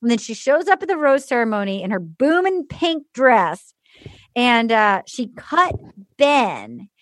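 High-pitched woman hosting a podcast, lively recap, laughs a lot, dry mic. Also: a little slow, dry recording. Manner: animated, laughing, acts out quotes. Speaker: podcast host. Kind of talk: casual chat, recapping a reality show.

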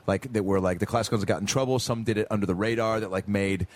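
A man's voice: lowish voice, steady tone, fast talker, no echo. A man hosting a podcast, asking rambling, curious questions in casual chat. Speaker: podcast host.

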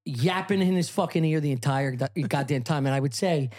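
A man's voice: on the high side, a little fast, hardly any pauses, a little mellow. A male comedian riffing crude mock insults in a casual podcast chat. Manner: crude, roasting, mock-aggressive. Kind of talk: casual banter.

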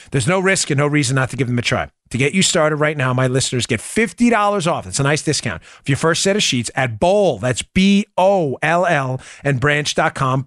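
New york guy ranting on his politics podcast, kinda high voice, punchy, dry close mic. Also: fairly bright tone, dry recording. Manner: emphatic, punchy, repeats key points. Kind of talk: opinionated political talk and host-read ad.

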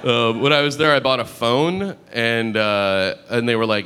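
Deadpan man doing stand-up comedy. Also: mid-range voice, moderate pace, hardly any pauses, clear, resonant tone. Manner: deadpan storytelling, dry asides, acts out others' lines. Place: comedy club stage before a live audience. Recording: live club recording with audience noise.

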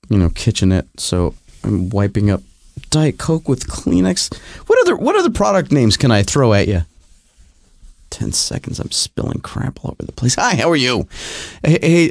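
A middle-aged man hosts his own podcast from his home garage, rambling through a wry, self-deprecating casual monologue. His voice is on the low side and a little mellow, recorded in studio quality with no echo.

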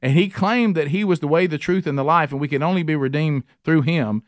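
Man, Bible study teacher, conversational preaching, emphatic repetition, fairly high voice, dry close sound. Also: fairly quick, dry recording. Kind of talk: sermon-style Bible teaching. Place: meeting room with a group.

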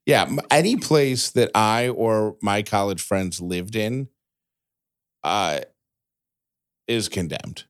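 A man's voice: fairly low pitch, slow, pauses often, no echo. A man co-hosting a podcast in casual chat, with a dry joking manner, who also reads short news items. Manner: dry joking, stumbles and restarts. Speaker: podcast co-host.

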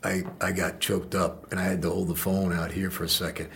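Man, gravelly low voice, rambling self-deprecating storyteller, red carpet interviewee. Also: little pitch movement, a little fast, fairly bright tone, slight background noise. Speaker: actor interviewed at premiere. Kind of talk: casual anecdotal storytelling. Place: outdoor red carpet event.

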